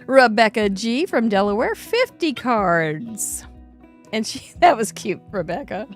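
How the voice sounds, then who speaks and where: A woman's voice: on the high side, sing-song, measured pace, faint music behind. A woman hosting a live craft show, cheerfully reading out names and card counts, laughing often. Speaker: host.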